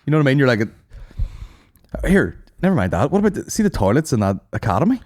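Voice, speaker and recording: A young hungover man with a Northern Irish accent, hosting a crude, animated podcast chat full of swearing and mimicked voices. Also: medium pitch, fast. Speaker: podcast host. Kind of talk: crude casual banter.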